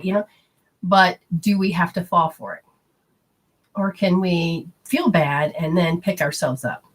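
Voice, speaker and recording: A middle-aged woman with a low, husky voice talks in a loose, rambling way. She hosts a spiritual talk show and slips into little acted-out voices when she quotes people. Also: normal speed. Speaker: spiritual radio host. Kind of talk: casual spoken talk.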